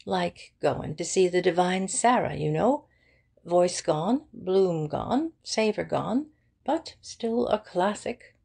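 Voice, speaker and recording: A woman voicing a breezy, witty young aristocratic gentleman who talks emphatically in clipped phrases. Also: on the low side, animated, slow pace, gravelly, husky, voice pushed up, exaggerated voice. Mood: jaunty. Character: jaunty young aristocratic Englishman, lively, witty.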